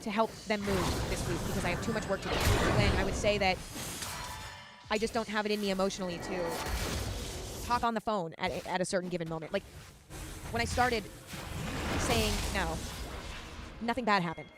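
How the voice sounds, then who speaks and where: A woman hosting a podcast, giving casual advice in a fast, emphatic and chatty way. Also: mid-range voice. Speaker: podcast host. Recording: loud music under the voice. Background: loud music.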